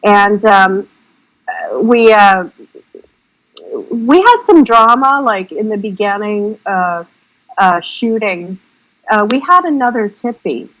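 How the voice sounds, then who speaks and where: A woman talks as a podcast guest, her voice sitting at an ordinary middle pitch. She tells her stories in a loose, rambling, chatty way, circling back as she goes. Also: a bit bright, rough recording. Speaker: guest filmmaker. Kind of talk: casual interview chat.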